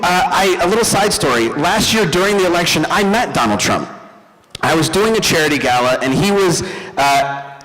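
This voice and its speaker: A young man doing a stand-up comedy set, telling animated stories and talking to the crowd. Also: a little high. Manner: animated storytelling, addresses the crowd. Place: event hall stage. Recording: live hall with long reverb.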